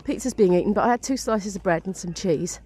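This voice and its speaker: A woman's voice: medium pitch, rapid-fire, darkish tone, husky. A young woman chatting to her camera as she walks outdoors, laughing often as she vlogs. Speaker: vlogger and musician. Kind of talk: casual vlog chat. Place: outdoors, walking between venues.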